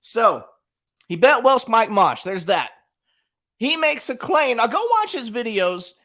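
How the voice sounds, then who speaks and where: A man's voice: very high-pitched, sing-song, measured pace, pushed and bright. A man hosting his own livestream, casually trash-talking a rival in colloquial slang and talking straight to his chat. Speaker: channel host.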